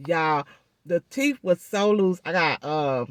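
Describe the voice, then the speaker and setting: A woman's voice: fairly low pitch, lively intonation, slow, no echo. Woman vlogger, chatty and familiar, muffled speech from a swollen jaw and gauze, dry close sound. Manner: chatty, addresses viewers often with "y'all" and "baby". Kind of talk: casual vlog chat.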